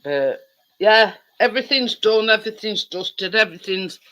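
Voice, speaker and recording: A man's voice: high-pitched, lively intonation, normal speed, sharp tone. A man, hosting a casual livestream chat and telling stories with plenty of laughs. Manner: chatty storytelling with frequent laughs. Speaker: livestream host. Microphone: livestream video call.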